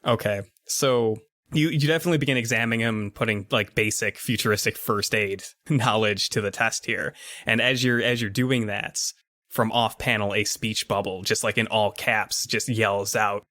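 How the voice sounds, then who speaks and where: Guy gm-ing a tabletop game, low voice, dry close sound, laid back scene-setting. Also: steady tone, normal speed, bright, forceful tone, dry recording. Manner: casual, descriptive, frames scenes like comic panels. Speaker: game master.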